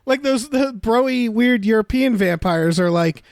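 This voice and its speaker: High-voiced man chatting in a dry room. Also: a little slow, no room sound. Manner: rambling, animated, acts out quotes. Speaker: podcast co-host. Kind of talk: casual chat.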